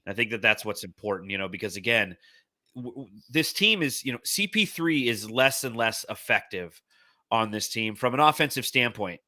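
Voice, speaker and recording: A man co-hosting a casual sports podcast, talking in energetic, upbeat bursts. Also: fairly low pitch, normal speed, dry recording, clean studio sound. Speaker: podcast co-host.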